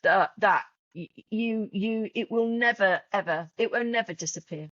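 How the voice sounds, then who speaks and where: A journal creator guesting on a podcast speaks in an emotional, casual interview, her words heartfelt and often restarted or repeated. She has a medium pitch, a slightly bright tone, and a moderate pace. The audio sounds dull.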